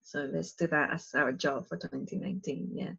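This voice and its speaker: A woman giving a live spiritual talk, chatty and expressive, telling a story and sharing advice with listeners on a call. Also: low-pitched, moderate pace, creaky, breathy edge, highs cut off. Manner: chatty and expressive, acting out quoted voices. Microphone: live online call.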